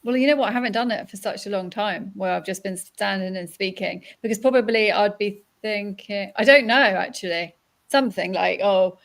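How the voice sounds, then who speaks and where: A woman's voice: medium pitch, a little fast, vocal fry, fairly bright tone. A woman hosting a conversational interview, chatty and reflective. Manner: chatty, reflective, laughs easily. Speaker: podcast host.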